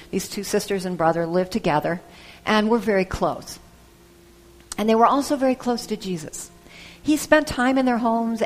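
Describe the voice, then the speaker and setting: Woman preacher, mid-pitched voice, unhurried storytelling sermon with small hesitations. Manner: storytelling, with soft pauses and hesitations.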